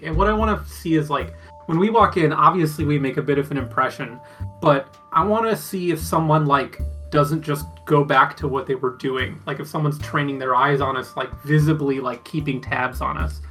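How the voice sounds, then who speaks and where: Man, tabletop player, bright voice, hesitant with fillers, faint music behind. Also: fairly high pitch, moderate pace. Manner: hesitant, thinking aloud with many fillers. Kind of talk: tabletop game play.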